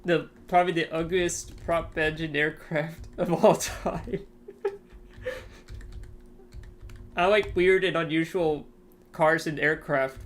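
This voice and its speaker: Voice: mid-range voice, fairly even intonation, takes it slowly, long pauses. A game streamer chatting casually on a live stream, answering chat, rambling with fillers and chuckling often.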